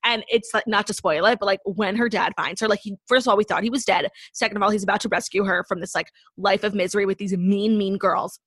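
Fast-talking husky young woman. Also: medium pitch, no room sound. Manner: chatty, lots of "like", animated storytelling. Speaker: podcast co-host. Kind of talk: casual chat.

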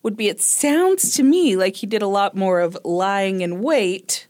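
Slow, lively-voiced woman co-host. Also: mid-range voice. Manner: laughs often, reacts with horror. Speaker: podcast co-host. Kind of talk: casual chat.

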